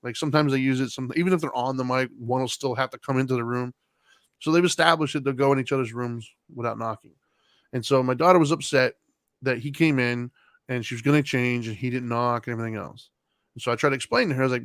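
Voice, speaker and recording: His mid-range voice comes across with no echo and a quick pace, though the story itself meanders easily along. He's a podcast co-host in his thirties, close and dry-sounding, casual and relaxed, rambling with many fillers and laughs.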